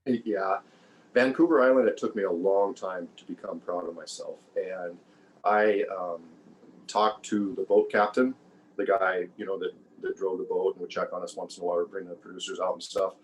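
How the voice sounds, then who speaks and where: A man with a very low, deep voice talks as a podcast guest in easy, conversational interview style. He reflects as he goes and often restarts or repeats words while he gathers his thoughts. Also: steady tone, moderate pace, slight background noise, low-quality recording. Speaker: podcast guest, former survival show contestant.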